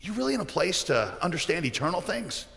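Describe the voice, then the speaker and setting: God peppers Job with challenging, almost teasing questions, as a preacher acts him out. The voice is bright and sits a little high, with long reverb from a large hall behind it. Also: male voice, big pitch swings, quick pace, gravelly, heavily acted.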